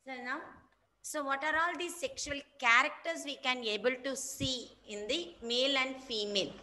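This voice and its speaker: A woman teaching an online biology class, going slowly through terms and spelling them out. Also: sits high, steady tone, poor audio. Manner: slow, repeats and spells terms for students. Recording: loud background noise.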